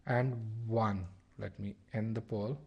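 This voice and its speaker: A man's voice: fairly low pitch, steady tone, slow, gravelly, a little mellow, slightly rough, muffled recording. A man teaching a live online class, asking the audience questions, repeating key points and often restarting his phrases. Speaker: test-prep instructor.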